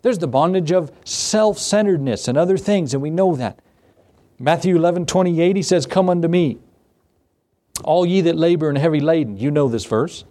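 Preaching man, slightly high voice. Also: normal speed, mellow. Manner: conversational preaching with rhetorical questions and repeated phrases. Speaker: pastor. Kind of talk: sermon.

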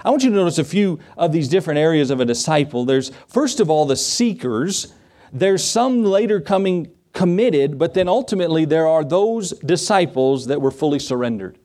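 A man's voice: a little high, darkish tone. A man preaching a sermon as pastor, telling folksy stories and acting out the people in them. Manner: folksy storytelling, acts out quotes.

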